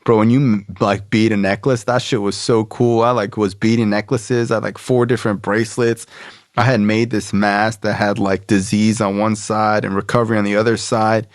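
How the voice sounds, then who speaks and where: A man's voice: on the low side, little pitch movement, normal speed, no room sound, clean studio sound. A young man telling a long personal story in casual talk, swearing and acting out what others said. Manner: rambling, profane, acts out quotes. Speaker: podcast guest.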